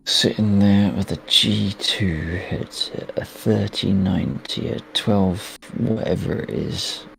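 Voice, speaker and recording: Stream host, very deep and gravelly, dry teasing humor, casual banter. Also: male voice, slow, a bit bright, a little hiss or hum. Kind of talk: casual gaming chat.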